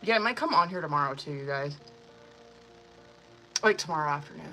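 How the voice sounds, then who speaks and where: A woman's voice: low-pitched, animated, a little fast, sharp tone, soft background music, rough recording. A young woman, a tarot reader, chatting casually with her live-stream viewers, laughing often and swearing freely.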